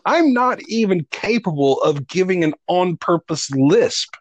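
A man's voice: high voice, animated, unhurried, dry recording, muffled recording. A man chatting as a podcast guest, joking around and protesting in mock indignation. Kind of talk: casual comedic banter.

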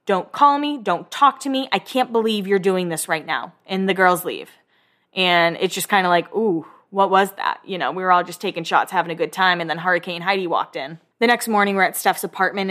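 A woman's voice: medium pitch, fairly bright tone. Young woman, podcast host, casual and gossipy, acts out the quotes. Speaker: podcast host recapping a reality show. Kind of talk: casual chat.

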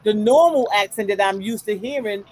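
A woman's voice: medium pitch, moderate pace, a little mellow, slight background noise, poor audio. A woman chatting on a podcast, telling stories animatedly and acting out the voices she quotes. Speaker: podcast panelist. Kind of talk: casual chat.

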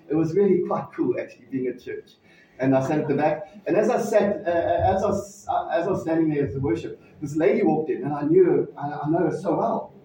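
A pastor telling a personal story in a sermon, conversational and halting, with frequent restarts. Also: male voice, a little high, dark tone, slight background noise. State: emotional, near tears. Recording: distant mic in echoey hall, dull sound.

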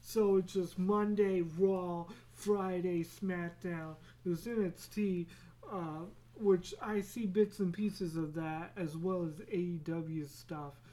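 A man's voice: sits high, steady tone, slow, warm tone. A man hosting a solo podcast in casual chat, rambling off on tangents, laughing at himself and swearing casually. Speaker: podcast host.

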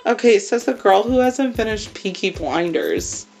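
A woman's voice: mid-range voice, sing-song, unhurried, creaky, darkish tone, soft background music. Chatty young woman podcast co-host. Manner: rambling, laughs often, many fillers. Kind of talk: casual chat.

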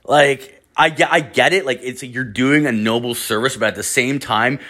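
A man telling a rambling anecdote in casual talk, swearing heavily and filling every pause with "like", partly from a bathroom. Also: mid-range voice, bright, forceful tone. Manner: rambling, heavy swearing, constant "like" fillers. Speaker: storyteller. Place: bathroom, mid-story.

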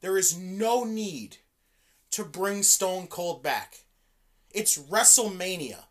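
A fairly low-voiced woman talks through a casual podcast, her pitch leaping up and down. She rants with heavy swearing, swinging from drawn-out stresses to rapid bursts. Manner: profane, animated, ranting. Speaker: podcast co-host. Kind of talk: casual wrestling chat.

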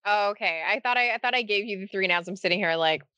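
A woman's voice: mid-range voice, fast talker, sharp tone, no echo. A woman co-hosting a casual podcast, chatty and amused as she answers word prompts. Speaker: podcast co-host.

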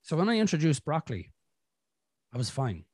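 A man's voice: on the high side, very animated, a little fast, darkish tone, breathy edge, no echo, studio quality. A man hosting a podcast, telling his own story in a candid, casual way and swearing often. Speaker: podcast host. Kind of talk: casual conversation.

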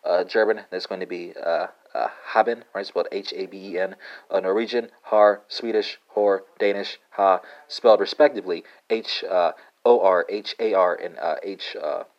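Very deep-voiced man teaching languages. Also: fairly even intonation. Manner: halting, many "uh" fillers and "right?" tags. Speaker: language podcast host. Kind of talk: casual spoken language lesson. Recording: dull lo-fi sound.

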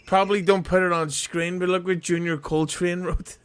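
A man's voice: sits high, little pitch movement, normal speed, noisy background. A man co-hosting a casual podcast over a video call, teasing the others with crude shock humor.

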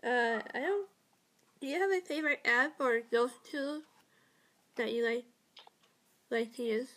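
A woman's voice: fairly high pitch, measured pace, a bit bright. A woman hosting a casual interview, asking easygoing questions with small hesitations. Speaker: interview host.

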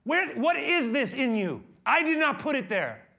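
A man voicing Jesus as an adult man sternly rebuking his followers, in a shouting, impassioned tone inside a sermon. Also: very high voice, sing-song, a little slow, creaky, voice pushed up, full character voice. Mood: stern rebuke. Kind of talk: acted quote within a sermon.

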